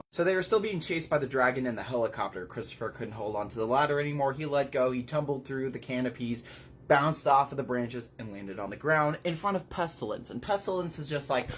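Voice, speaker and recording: An excitable book vlogger rambles through a plot recap in a casual, slangy way. The voice sits at a mid pitch, and the recording was made at home. A faint hiss lies under the speech. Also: a little fast.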